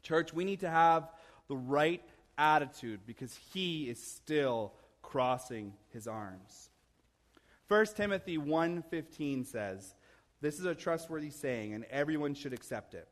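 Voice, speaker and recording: High-voiced pastor preaching. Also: male voice, animated, measured pace. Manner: conversational preaching with humorous asides, swelling to emphatic peaks. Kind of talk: sermon. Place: church sanctuary.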